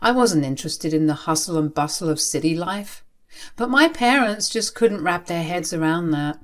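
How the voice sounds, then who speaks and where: A woman tells a first-person story with lots of emphasis and feeling, leaning hard on key words. Her voice sits a little low for a woman. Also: moderate pace. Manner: expressive, emphatic. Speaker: narrator.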